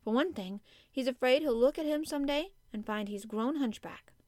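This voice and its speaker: A woman voicing a gentle country boy. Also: high voice, normal speed, dry recording, clean studio sound, pitched above the performer's own voice, natural voice. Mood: earnest. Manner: broad dialect, calm and coaxing. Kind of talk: audiobook character reading.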